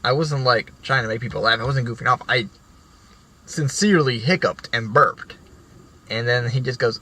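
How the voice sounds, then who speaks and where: A young man with a bright, forward voice telling school stories in a loose, rambling way. He restarts sentences often and swears casually as he goes. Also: medium pitch, normal speed, slight background noise, rough recording. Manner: rambling, profane, many restarts. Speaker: vlogger. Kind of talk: casual storytelling.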